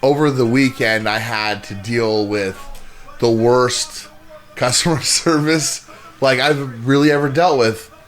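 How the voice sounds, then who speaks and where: A man's voice: medium pitch, unhurried, soft background music. A man co-hosting a podcast, telling a long exasperated story in casual, profane chat with lots of rambling restarts. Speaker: podcast co-host.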